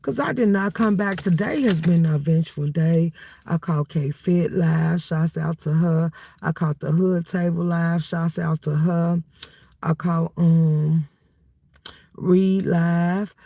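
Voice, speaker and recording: A woman's voice: fairly low pitch, slow pace, creaky, no echo. A woman hosting a livestream, chatting casually and laughing as she gossips, tired and cold. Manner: animated, laughing gossip with frequent "baby" and "y'all". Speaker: livestream host.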